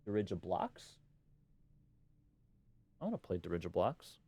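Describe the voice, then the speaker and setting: Male streamer, deep smooth voice, joking casual game commentary with faint game music behind. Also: lively intonation, unhurried, pauses often, darkish tone. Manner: mutters and reads game text aloud, joking in slang. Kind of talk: casual live gameplay commentary.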